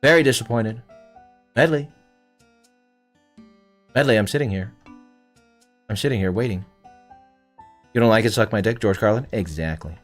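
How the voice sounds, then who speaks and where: A man's voice: lowish voice, normal speed, pauses often, soft background music. A young man from Canada streaming a game, chatting casually with viewers in a profane, rambling way. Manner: profane, rambling, talks back to chat. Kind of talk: casual livestream chat with viewers.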